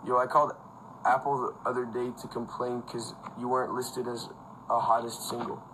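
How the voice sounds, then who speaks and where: A man's voice: mid-range voice, monotone, moderate pace, fairly bright tone, slight background noise, rough recording. A young man hosting a casual phone livestream from home, talking loosely with lots of fillers and frequent laughs. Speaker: livestream host. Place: indoors at home with a fan.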